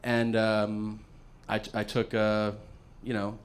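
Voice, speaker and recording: A man's voice: fairly low pitch, completely flat delivery, slow. A man doing stand-up comedy, telling a long story with plenty of swearing and acting out what other people said. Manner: profane, acts out other people's lines.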